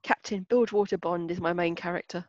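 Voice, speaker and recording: A woman's voice: lowish voice, fairly even intonation, fast, darkish tone, dry recording. A woman with a mild Black Country accent hosting a casual podcast chat, giggly with wry asides. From Black Country, England. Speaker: podcast host. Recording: dull lo-fi sound.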